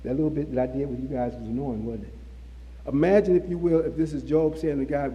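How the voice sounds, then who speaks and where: A man preaches a sermon, emphatically repeating phrases and restarting as he goes. His medium-pitched voice is fast and mellow, with the highs cut off. A long hall reverb surrounds him.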